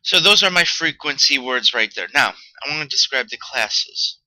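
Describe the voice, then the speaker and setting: A male teacher walks students through a vocabulary list in an easygoing, joking way, checking in with "okay?" after nearly every point. His voice is piercingly bright and edgy, recorded close and dry with no room sound. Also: mid-range voice, lively intonation, moderate pace, no echo, low-quality recording. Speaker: Spanish teacher. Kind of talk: recorded classroom vocabulary lesson.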